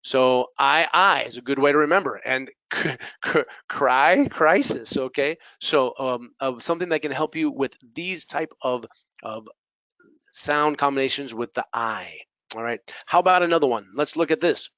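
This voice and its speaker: A man's voice: medium pitch, moderate pace, sharp tone, dry recording. A male teacher giving a pronunciation lesson, repeating each word to model it, with Spanish asides. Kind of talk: classroom lesson. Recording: dull lo-fi dry recording.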